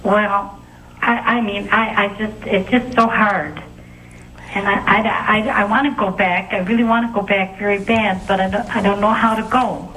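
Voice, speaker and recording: A woman's voice: medium pitch, steady tone, normal speed, pushed and bright. A woman speaks over a telephone line as a caller to a show. She stammers, restarts and repeats her words often. A faint hiss runs under her voice. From Clearwater, Florida resident.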